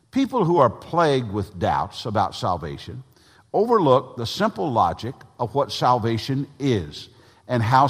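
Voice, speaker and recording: A man preaching in a church sanctuary, his voice swinging up and down in pitch as he presses each point. He often clears his throat and calls on the congregation to repeat lines back to him. A long reverb from the hall hangs behind every phrase. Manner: emphatic, leads congregation call-and-response. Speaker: pastor. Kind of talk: sermon.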